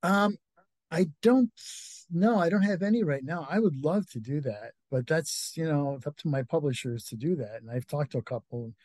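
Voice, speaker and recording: A man's voice: a little high, moderate pace, darkish tone, no echo. A middle-aged man with a Northeastern US accent, a guest author chatting casually in an interview, with many fillers and easy laughs. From Connecticut.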